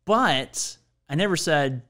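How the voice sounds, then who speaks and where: A man's voice: on the high side, lively intonation, slow, pushed and bright. A man co-hosting a podcast, joking around with his friend in casual banter and using plenty of filler words. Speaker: podcast co-host.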